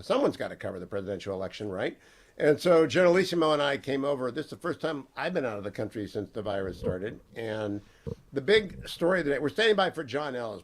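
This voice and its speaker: A man hosting a talk radio show from a studio, talking emphatically and playfully. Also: mid-range voice. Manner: energetic, emphatic, playful openings. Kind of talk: talk radio monologue and chat.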